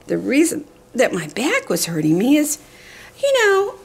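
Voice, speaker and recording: A woman's voice: a little high, huge pitch swings, measured pace, vocal fry, husky. An older woman chatting casually to the camera, rambling and doting, often dropping to a whisper. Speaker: reborn doll collector vlogger.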